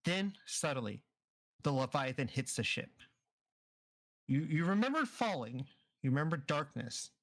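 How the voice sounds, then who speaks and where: A man's voice: on the high side, no echo. A man running a tabletop game as dungeon master, narrating scenes in the second person over an online voice chat mic.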